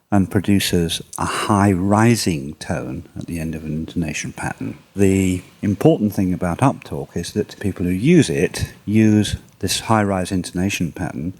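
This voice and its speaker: A man's voice: low voice, darkish tone, slightly rough. A man, a linguist, giving careful academic explanations in an interview. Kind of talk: expert interview.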